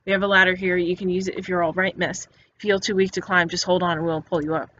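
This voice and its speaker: A woman's voice: on the low side, little pitch movement, fast talker, a bit bright, slight background noise, close to an everyday voice. A woman voicing a kind, reassuring older male rescuer in a story game. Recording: dull lo-fi recording with faint music.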